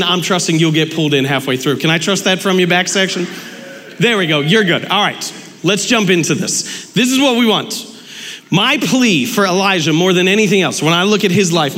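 A man preaching a lively, conversational sermon, talking with his congregation and acting out quoted dialogue. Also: sits high, in a large hall. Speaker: pastor. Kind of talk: lively sermon with audience interaction.

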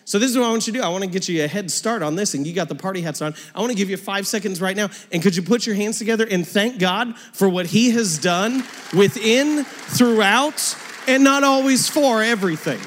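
A man in his thirties preaching a sermon as pastor, conversational and joking, dropping into quiet asides between louder points. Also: high voice, fast talker, few pauses, a little hiss or hum. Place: church auditorium. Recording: long hall reverb.

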